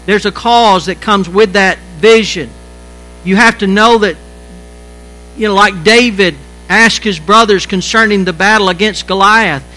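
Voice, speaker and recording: Man, pastor giving a sermon; bright, forceful tone, repeats words as he builds points. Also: high voice, rough recording. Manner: halting, repeats words, shifts between quiet and emphatic.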